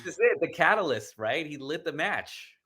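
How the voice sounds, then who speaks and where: A man on a podcast, joining the conversation in a relaxed way with agreeing, reflective comments. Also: fairly high pitch, moderate pace, slightly rough. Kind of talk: casual conversation.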